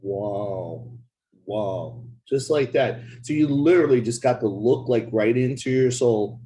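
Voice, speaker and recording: A man's voice: mid-range voice, measured pace, mellow. A man hosting an interview, listening and answering with brief reactions that echo the guest. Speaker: interview host. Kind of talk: supportive listening.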